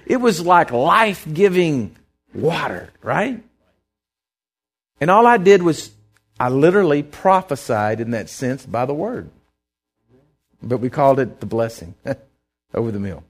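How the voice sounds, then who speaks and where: A middle-aged male preacher giving a sermon, telling stories and swinging from quiet asides to loud, emphatic lines. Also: on the high side, animated, unhurried.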